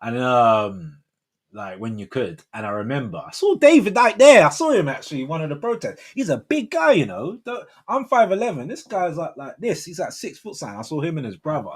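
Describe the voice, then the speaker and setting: A man's voice: on the high side, sing-song, brisk, slightly rough. A man in his forties hosting a livestream, chatting casually in slangy, rambling talk with frequent laughs. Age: 40s. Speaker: livestream host. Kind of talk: casual chat.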